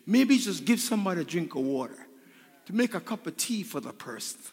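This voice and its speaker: A man's voice: sits high, sing-song, brisk, a little mellow, slightly rough. A male pastor preaching a sermon in a church, repeating phrases and asking the congregation for an "Amen". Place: church sanctuary. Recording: long reverb in a large hall.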